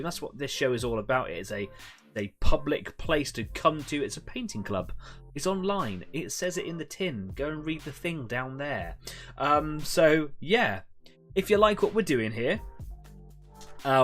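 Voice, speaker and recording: A man hosting a live painting stream, chatting in a relaxed, rambling way to viewers while he works. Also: on the high side, moderate pace, soft background music. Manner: chatty, rambling, self-deprecating. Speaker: host of an online painting club stream. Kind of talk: casual live-stream chat.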